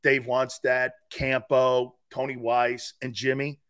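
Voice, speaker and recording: A man in his fifties, a former player and sports radio host, talking as a guest in a casual podcast interview, emphatic and animated with loud outbursts. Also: mid-range voice, slow, smooth. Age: 50s.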